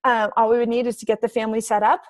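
A woman in her thirties leading a motivational team video call, energetic and emphatic. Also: a little high, very fast, dry recording, clean studio sound. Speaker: team coach leader.

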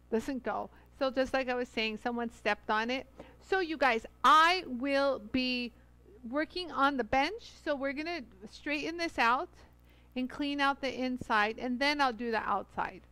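This woman's voice sits high with a fairly bright tone and no echo. She's from the Los Angeles area and hosts a live jewelry-tool demonstration at a brightly lit studio bench, casually chatting and greeting viewers one by one with effusive warmth.

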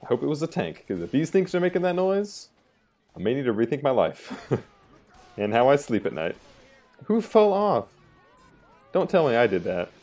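A man giving live gameplay commentary, excitable and quick to exclaim and laugh. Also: mid-range voice. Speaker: gaming channel host.

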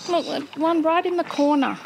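A woman's voice: high voice, measured pace, gravelly, noisy background. An Australian woman vlogging casually, chatting and chiding her horse with a laugh. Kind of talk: casual vlog chat. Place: outdoors at home with a horse, then indoors.

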